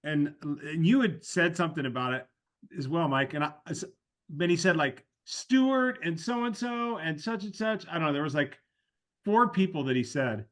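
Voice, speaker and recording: Rambling podcast co-host, fairly high voice. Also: male voice, fairly quick, a bit bright. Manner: rambling, self-correcting, says "dude". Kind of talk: casual chat.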